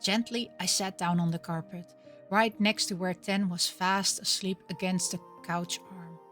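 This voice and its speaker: Woman, game streamer, bright tone, soft narration, excited asides, faint music behind. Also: on the low side, a little slow. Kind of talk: reading a visual novel aloud with commentary.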